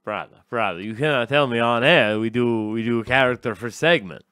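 A man playing a meek Russian producer in a put-on accent, speaking halting broken English. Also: on the low side, pushed and bright. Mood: hesitant.

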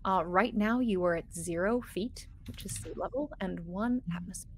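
A woman narrating a tabletop role-playing game as game master, describing scenes in an unhurried way with many fillers and restarts. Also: mid-range voice, slight background noise.

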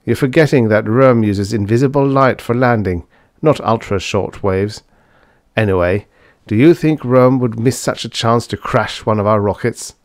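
Man doing a steady, determined young engineer. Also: medium pitch, moderate pace, dry recording, studio quality, lightly acted. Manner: quiet and determined.

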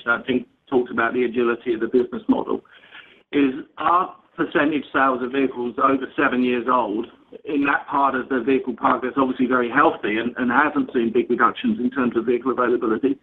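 A man, a company executive answering analyst questions on an earnings call in a measured way with many restarts. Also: medium pitch. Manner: measured, with frequent restarts and fillers. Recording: tinny phone line with faint noise.

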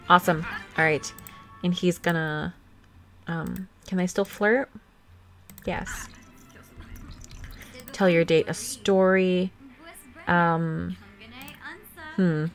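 A woman's voice: fairly low pitch, extremely slow, pauses often, soft background music. A young woman casually commenting on a life-sim game she plays, chatty and giggly with many fillers, into a desktop microphone. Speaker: let's play host. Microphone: desktop USB microphone.

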